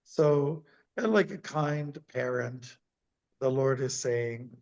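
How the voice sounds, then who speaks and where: A man, a monk, giving a scripture class as a sermon in a deliberate way, repeating words for emphasis. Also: medium pitch, darkish tone, muffled recording. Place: temple.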